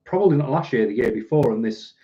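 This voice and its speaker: A man's voice: mid-range voice, animated, quick pace, mellow, lo-fi sound. A middle-aged man chatting casually on a live stream at home, rambling and self-deprecating as he reads out viewer comments. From United Kingdom.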